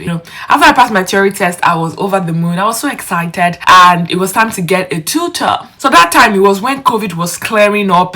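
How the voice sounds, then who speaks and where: A woman's voice: on the low side, pushed and bright. A young woman, talking to her viewers in a chatty, casual vlog. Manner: chatty, addresses viewers directly. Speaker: vlogger. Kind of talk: casual vlog talk to camera.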